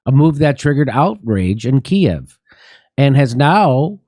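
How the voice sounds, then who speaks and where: A man's voice: mid-range voice, big pitch swings, slow, a little mellow, no echo, clean studio sound. Sarcastic, profane male talk-show host. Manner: sarcastic, profane, jokey asides. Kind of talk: political comedy talk.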